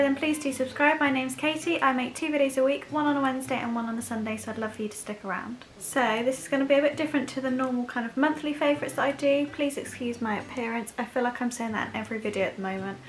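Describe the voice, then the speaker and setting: A young woman chatting to camera about her favourite products, rambling with quick self-deprecating asides. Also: sits high, faint music behind. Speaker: beauty vlogger. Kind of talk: casual chat to camera.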